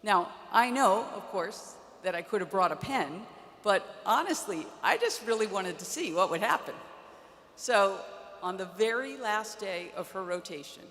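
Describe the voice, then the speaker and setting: A woman around 60 giving a prepared commencement keynote from a podium, measured and wry, with dry humor in her storytelling. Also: mid-range voice, lively intonation, fairly bright tone. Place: large indoor arena. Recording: long arena reverb.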